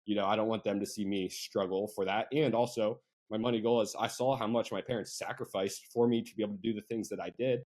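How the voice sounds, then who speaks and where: Rambling low-voiced man. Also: steady tone, fast talker, a little mellow. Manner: rambling, with lots of fillers and asides. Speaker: guest, marketing agency owner. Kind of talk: casual interview chat.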